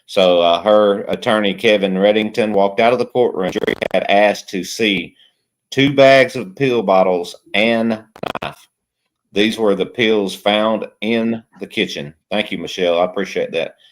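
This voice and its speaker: A man's voice: lowish voice, unhurried. A man hosting a livestream in casual chat, easygoing and chatty as he reads out viewer comments. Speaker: livestream host.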